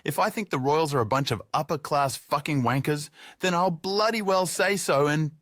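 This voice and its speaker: A man's voice: on the high side, normal speed, fairly bright tone, no echo, clean studio sound, pitched above the performer's own voice, lightly acted. A man voicing a crude, slurring drunk tradesman in an audiobook. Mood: belligerent. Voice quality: slurring, coarse.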